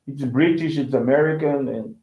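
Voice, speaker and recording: A man's voice: medium pitch, moderate pace, a little hiss or hum. A man teaching English in a casual online lesson, repeating words to model pronunciation and checking that his student understands. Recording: roomy, dull lo-fi sound.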